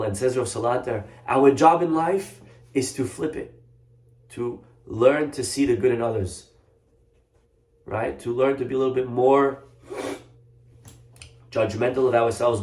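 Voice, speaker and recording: A man giving a Torah class as a rabbi, earnest and animated, telling stories with acted voices. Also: mid-range voice, roomy sound.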